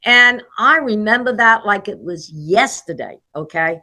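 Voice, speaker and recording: A woman's voice: mid-range voice, a little slow. A woman in her sixties from New Jersey with a New Jersey and New York City accent, chatting as an interview guest and telling stories. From New Jersey, USA. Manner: chatty, animated storytelling with many "okay?" asides. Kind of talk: casual interview chat.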